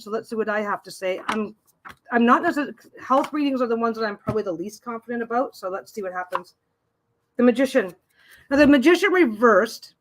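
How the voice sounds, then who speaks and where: A middle-aged woman runs a tarot-reading livestream, chatting casually and rambling, often restarting sentences as she reads viewer comments aloud and answers them. Her voice is on the high side, with a little hiss or hum in the audio.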